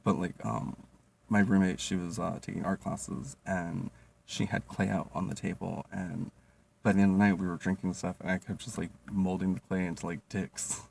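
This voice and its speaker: A man's voice: low voice, little pitch movement, normal speed, gravelly, darkish tone. A young man telling comedic stories casually, rambling with constant fillers, swearing and laughing. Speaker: vlogger. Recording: distant mic, faint noise.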